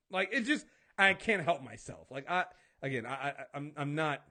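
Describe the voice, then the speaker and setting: A man's voice: fairly high pitch, brisk, bright, forceful tone. A man hosting a talk show, chatting casually and ranting with lots of profanity and acted-out exchanges. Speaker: podcast host. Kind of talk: casual chat.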